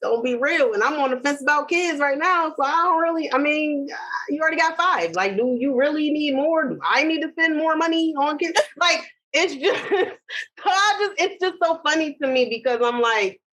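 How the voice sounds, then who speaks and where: A woman's voice: high-pitched, a bit bright, poor audio. A woman co-hosting a podcast in casual chat, ranting with strong opinions. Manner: opinionated, ranting, quick asides. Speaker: podcast co-host.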